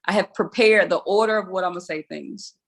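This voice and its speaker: A woman's voice: medium pitch, fairly quick, vocal fry. A young adult woman hosting a weekly video call, telling a story casually, with a chatty, self-mocking manner and frequent laughs.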